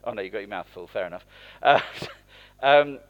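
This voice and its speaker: A man's voice: fairly low pitch, animated, moderate pace, phone-quality sound. Man preaching a chatty, interactive sermon. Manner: conversational, asks the congregation questions. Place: church.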